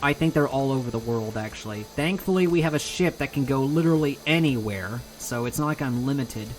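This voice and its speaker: A man's voice: mid-range voice, lively intonation, fairly quick, a little hiss or hum, low-quality recording. A man streaming a video game, chatting casually in a rambling, self-mocking way and laughing often. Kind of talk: casual chat while gaming.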